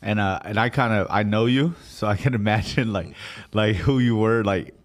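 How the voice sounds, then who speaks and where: A man's voice: on the low side, normal speed. A man co-hosting a podcast, chatting casually and laughing easily, with "bro" and "dude" in his speech. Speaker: podcast co-host. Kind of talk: casual conversation.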